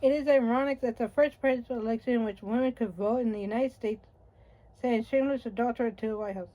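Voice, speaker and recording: A woman reads a history book aloud in a wry, conversational way and sometimes trips over a word and starts again. Her voice is mellow and warm, and it sits a little on the high side. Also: fast talker, highs cut off. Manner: wry, conversational reading with occasional slips and restarts. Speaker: audiobook reader. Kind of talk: reading a nonfiction book aloud.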